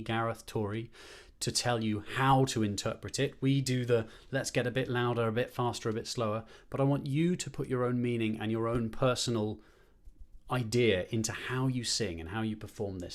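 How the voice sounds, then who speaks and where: Upbeat choir conductor. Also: male voice, medium pitch. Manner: encouraging, upbeat instruction with counted breathing. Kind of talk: online choir rehearsal and warm-up. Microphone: streamed to a screen.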